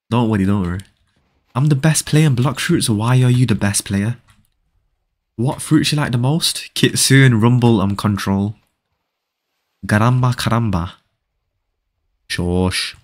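A young man, streaming a game live and reading viewer chat aloud, teasing and bantering with his audience. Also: medium pitch. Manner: joking banter, teasing viewers, frequent laughs.

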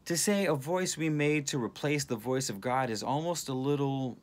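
A man hosting his own channel, talking casually about spirituality into his phone, animated and rambling with lots of restarts and asides. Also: medium pitch, moderate pace. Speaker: channel host.

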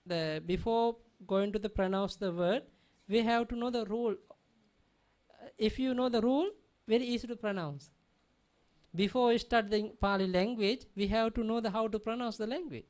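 A woman's voice: a little high, moderate pace, darkish tone. A woman teaching a language lesson, patiently repeating example words and checking that her students understand. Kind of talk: classroom lesson.

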